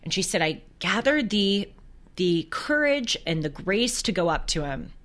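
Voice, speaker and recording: A woman's voice: mid-range voice, sing-song, unhurried, fairly bright tone. A young woman hosting a casual faith talk on camera, telling stories earnestly with small restarts. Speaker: host. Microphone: camera close to her.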